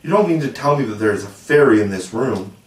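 A man's voice: medium pitch, expressive, fast talker, distant mic, lightly acted. A man voicing an eager, admiring young girl with a lifted, breathless tone. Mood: wondering. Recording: roomy echo, voice set back from the mic.

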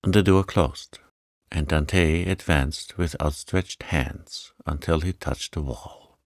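Slow, deep, soothing male narrator. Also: no echo, clean studio sound. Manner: calm, soothing, unhurried. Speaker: audiobook narrator. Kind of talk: soft-spoken sleep-story reading.

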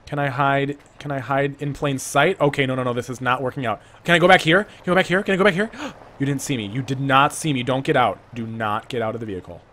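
A man doing gameplay commentary, rambling through an improvised backstory and breaking into panicky outbursts and rapid repeated commands. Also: mid-range voice, a bit bright, a little hiss or hum. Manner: playful self-talk, rambling asides. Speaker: let's play gamer.

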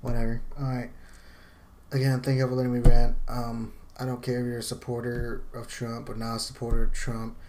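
A vlogger in the middle of a rant, swearing freely and sounding fed up. The delivery lurches from loud outbursts to quiet muttering, with heavy sighs in between. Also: medium pitch, completely flat delivery, fairly quick, a little hiss or hum. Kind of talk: ranting vlog.

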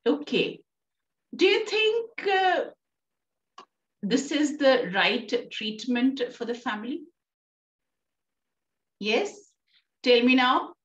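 A woman's voice: high voice, big pitch swings, extremely slow, pauses often, fairly bright tone. A woman teacher with an Indian English accent explaining a play to a class in a coaxing way, often checking in with "right?". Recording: distant, roomy, dull sound.

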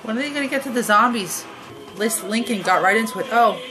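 A woman in her thirties, a vlogger chatting casually and reacting out loud as she watches a movie at home. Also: on the high side, animated, brisk, music in the background. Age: 30s. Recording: movie soundtrack playing behind.

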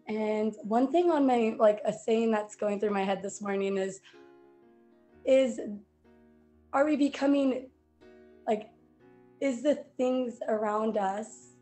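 A woman speaking over her computer on a group video call, thoughtful and hesitant, with many pauses and fillers. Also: on the high side, dark tone. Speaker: participant on a call. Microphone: computer mic.

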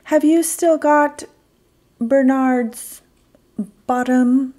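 A woman's voice: sits high, fairly even intonation, extremely slow, dark tone, voice pushed up. Woman doing a hesitant storybook monkey. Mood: helpful.

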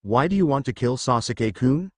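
A man's voice: medium pitch, lively intonation, fairly quick, no room sound, clean studio sound, lightly acted. A man voicing a defiant young kunoichi girl, indignant and snappy.

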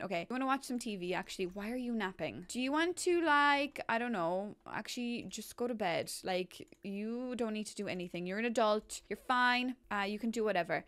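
A young woman giving live commentary on her own gameplay, pleading and exasperated, with frequent exclamations and laughter. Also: medium pitch. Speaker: gaming YouTuber.

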